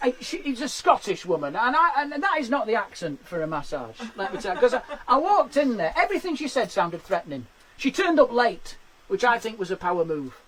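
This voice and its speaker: A man in his forties doing stand-up with rapid, self-deprecating patter, often laughing at his own jokes. His voice sits fairly high and swoops all over the place. He never stays on one note for long. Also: fairly bright tone, rough recording. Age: 40s. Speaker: stand-up comedian. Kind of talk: live-streamed stand-up. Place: garden shed.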